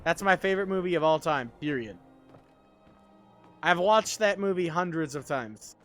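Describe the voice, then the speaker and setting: A man's voice: a little high, lively intonation, normal speed, fairly bright tone, soft background music. A sleepy man casually chatting while streaming a game, rambling and swearing freely. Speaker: gaming streamer. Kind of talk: casual game livestream chat.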